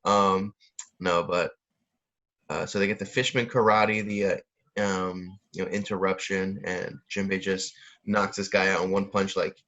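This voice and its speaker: Man, casual co-host chat, rambling, filler-heavy, fairly low voice, muffled recording. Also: fairly even intonation, unhurried, sharp tone. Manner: rambling, many fillers, laughs often, mimics sound effects. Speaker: podcast co-host.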